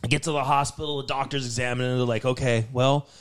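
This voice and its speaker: A man's voice: medium pitch, rapid-fire. A man telling a long story as a podcast co-host, swearing and acting out the voices of the people in it. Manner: animated, swearing, acts out quoted voices. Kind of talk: casual storytelling.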